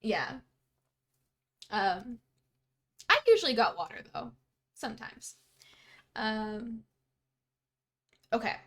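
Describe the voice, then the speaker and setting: A woman's voice: fairly high pitch, lively intonation, slow pace, long pauses, a bit bright. A young woman from Canada, a streamer chatting casually with her viewers while she plays, bubbly and giggly as she reads out their messages. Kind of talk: casual live-stream chat.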